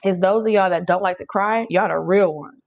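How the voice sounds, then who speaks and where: A woman giving a casual channeled tarot reading, talking straight to her viewers in an animated, preachy way and laughing often. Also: medium pitch, brisk, poor audio. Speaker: tarot reader.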